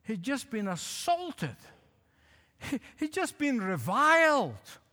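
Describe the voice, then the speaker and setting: A male pastor preaching a sermon, emphatic, repeating phrases and slowing to stress lines. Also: very high-pitched, huge pitch swings, sharp tone. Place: church. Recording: hall reverb.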